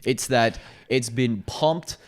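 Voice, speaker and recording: A man's voice: medium pitch, slow. A man co-hosting a casual podcast discussion, opinionated and ranting, swearing now and then. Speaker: podcast co-host.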